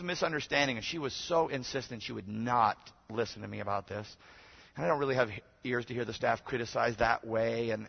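A man preaching a sermon as pastor, moving between loud, emphatic exhortation and quiet, conversational storytelling. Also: mid-range voice, gravelly, breathy edge. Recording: dull lo-fi sermon recording.

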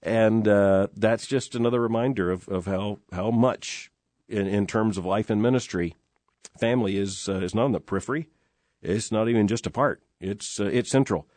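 On the low side and moderately paced, this middle-aged man's darkish voice carries a reflective radio show from a studio. He is earnest and emphatic, leaning on frequent "uh" fillers, and the studio-microphone recording is dry.

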